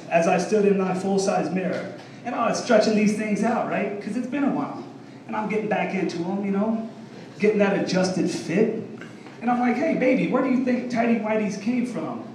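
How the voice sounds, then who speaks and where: Comic, male, thirties, high voice, brash crowd-teasing delivery, miked from afar in a roomy club. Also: brisk, a little mellow, a little hiss or hum. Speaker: stand-up comedian. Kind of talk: stand-up set. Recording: echoey room from far off, faint ambience.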